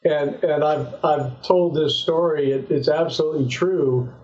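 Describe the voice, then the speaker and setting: An older man from Southern California, a former pro football player, telling lively anecdotes as an interview guest, often restarting his sentences. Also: fairly high pitch, unhurried. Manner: animated anecdotes with frequent restarts. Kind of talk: relaxed storytelling in an interview. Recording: echoey, slightly dull sound.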